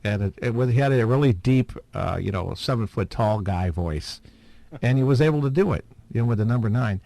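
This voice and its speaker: A man's voice: mid-range voice, expressive, fairly quick, gravelly, warm tone, no echo. Rambling man talking in a dry room. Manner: rambling, hesitant, with frequent fillers and chuckles. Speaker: podcast host. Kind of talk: casual chat.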